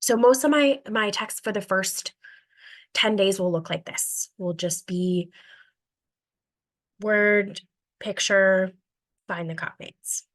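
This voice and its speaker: A woman's voice: mid-range voice, fairly even intonation, slow pace, long pauses, a bit bright. A woman who teaches languages to young students, chatting casually about her reading strategies with lots of fillers and acted-out classroom exchanges. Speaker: elementary world language teacher.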